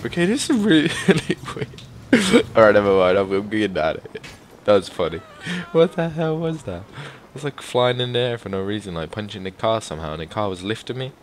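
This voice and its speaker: A man giving casual gameplay commentary, excitable and swearing often, breaking into loud exclamations and rambling asides to his viewers. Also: on the low side, a little fast, slight background noise. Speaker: gaming YouTuber.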